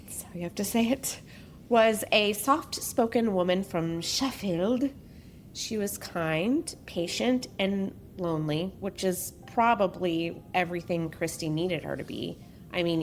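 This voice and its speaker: A woman's voice: fairly low pitch, unhurried, slight background noise. A woman hosting a podcast, reading a true-crime story in a casual way and breaking off for joking asides. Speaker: podcast host.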